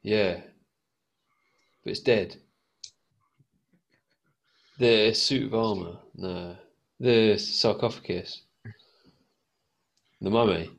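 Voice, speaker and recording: A man with a low voice chats with his group during a tabletop game. He speaks slowly and in a relaxed way, swearing casually. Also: vocal fry.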